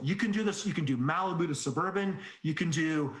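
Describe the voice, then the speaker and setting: A man giving an energetic sales-training presentation, telling stories and asking rhetorical questions. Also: a little high, fairly quick, few pauses. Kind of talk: conference presentation. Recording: echoey room.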